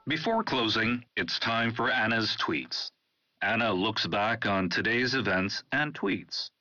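A man hosting a broadcast program, introducing segments in a lively, announcing manner. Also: fairly low pitch, slow pace. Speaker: radio program host. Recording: muffled studio broadcast audio.

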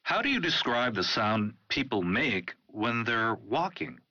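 A man hosting a broadcast program, introducing segments in a lively, announcing manner. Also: medium pitch, unhurried, dry recording. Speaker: radio program host. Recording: muffled studio broadcast audio.

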